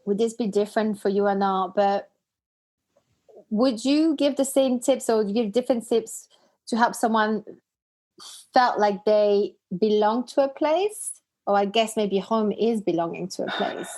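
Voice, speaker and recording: A woman whose first language is not English, hosting a podcast and telling stories in a chatty, animated way. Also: mid-range voice, measured pace. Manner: chatty, animated storytelling with frequent restarts. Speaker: podcast host. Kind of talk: casual conversational interview.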